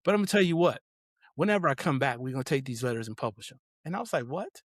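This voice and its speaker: A middle-aged man, a guest author, telling family stories in an animated way, acting out quotes and laughing often. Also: medium pitch, rapid-fire, dry recording, clean studio sound. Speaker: guest, author and parenting advocate. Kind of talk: casual interview storytelling.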